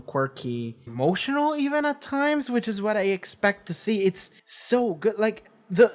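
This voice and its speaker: A man hosting a reaction video, talking casually and earnestly, rambling with lots of fillers and the odd swear word. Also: a little high.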